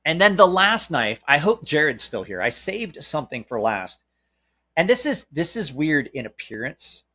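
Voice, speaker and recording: A man's voice: fairly high pitch, sing-song, moderate pace, pushed and bright. A man with a Southern American accent hosting a casual knife chat, blunt and opinionated, swearing freely, with lots of stops and restarts. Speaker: knife channel host. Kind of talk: casual live-stream chat.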